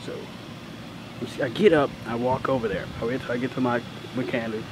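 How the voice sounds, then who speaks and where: A man's voice: mid-range voice, fairly even intonation, moderate pace, noisy background. A teenage boy telling a childhood story in a casual, profane, indignant way. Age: teens.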